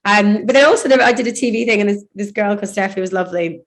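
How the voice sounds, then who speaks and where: A woman's voice: mid-range voice, fast talker. A woman with a British accent, a DJ and radio host, telling chatty stories in a casual interview. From United Kingdom. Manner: chatty anecdotal storytelling.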